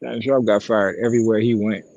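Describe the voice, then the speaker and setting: A man's voice: lowish voice, normal speed, no echo, dull audio. A man co-hosting a podcast, telling a long profane story in casual chat. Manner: profane, animated storytelling with acted quotes. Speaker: podcast co-host and sideline broadcaster.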